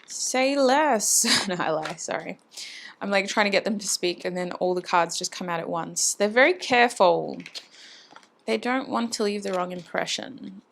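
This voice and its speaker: A woman's voice: mid-range voice, expressive, moderate pace, gravelly, a little hiss or hum. A woman giving a casual tarot reading to camera, chatty and intimate, musing aloud and voicing channeled messages as she speaks fondly to her viewers. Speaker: tarot reader.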